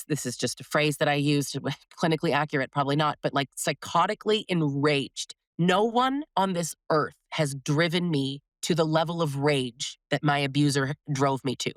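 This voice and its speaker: A woman hosting a podcast, talking in an animated, emphatic, conversational way. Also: sits low, no room sound, studio quality. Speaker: podcast host.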